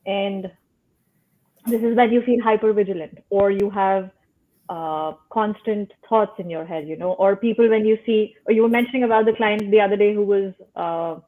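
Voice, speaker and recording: A woman's voice: medium pitch, normal speed. Woman explaining over a tinny call line. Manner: thoughtful, explains with simple metaphors, frequent "right?". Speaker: guest explaining the nervous system. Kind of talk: casual explanatory talk.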